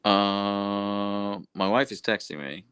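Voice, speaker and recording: A man's voice: on the low side, steady tone, takes it slowly, fairly bright tone, clear, resonant tone, dry recording. A young adult man hosting a casual livestream, rambling and correcting himself as he reads chat messages aloud. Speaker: livestream host. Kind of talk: casual live-stream chat.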